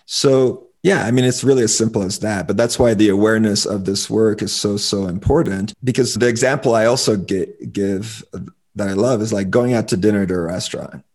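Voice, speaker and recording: Lower-voiced man explaining relationship views. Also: a little fast. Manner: opinionated, explanatory, relaxed. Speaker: relationship coach. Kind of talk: casual podcast talk.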